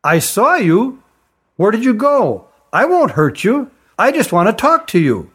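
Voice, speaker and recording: A man's voice: high-pitched, sing-song, measured pace, fairly bright tone, husky, voice pushed up, full character voice. A curious little girl from a storybook, her voice lifted far above a grown man's range, played by a male narrator. She talks eagerly and insistently. Read plainly, without any room sound. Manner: eager, pleading.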